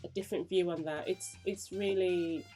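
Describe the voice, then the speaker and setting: Woman host, very low voice, calm interviewer. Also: normal speed, soft background music. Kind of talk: casual interview.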